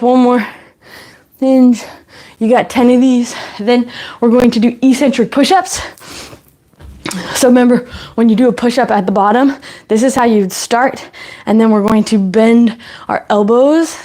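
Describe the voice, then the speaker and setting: A woman's voice: on the high side, darkish tone. A woman fitness instructor leading a home workout, chatty as she cues each move and counts reps.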